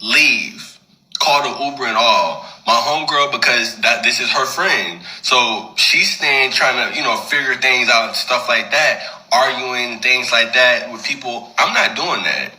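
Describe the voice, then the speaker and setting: A man tells a personal story in a loose, animated, conversational way. His voice is very bright and forward. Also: medium pitch, a little slow, few pauses, poor audio. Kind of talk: casual storytelling.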